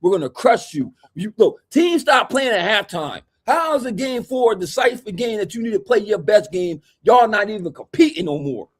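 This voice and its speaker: A high-voiced man talking basketball with a hyped, preachy swagger. He speaks, and his delivery keeps rising into loud, animated riffs. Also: normal speed, hardly any pauses. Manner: hyped, preachy, swings into shouting impressions. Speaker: podcast co-host, basketball fan. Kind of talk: animated sports chat.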